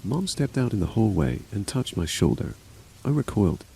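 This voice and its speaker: A man reads a horror story aloud in a dark, mellow voice with a lively, rising and falling delivery. He takes every part himself, pitching up a little for the frightened daughter. Faint rain patters behind him. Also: moderate pace, gravelly, slight background noise, rough recording. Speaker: narrator. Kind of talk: scripted horror story narration.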